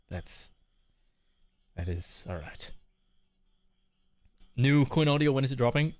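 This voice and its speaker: A man talks casually and frankly to his stream, reading out chat messages and laughing often between thoughts. His voice sits in an ordinary middle pitch. It is recorded close and dry, with no room sound. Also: expressive, measured pace, pauses often, a little mellow, no room sound.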